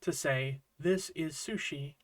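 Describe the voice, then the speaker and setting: Man chatty online Japanese tutor, higher voice. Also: slow. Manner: friendly, chatty explaining with small fillers and asides. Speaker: Japanese language teacher. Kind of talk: casual online grammar lesson.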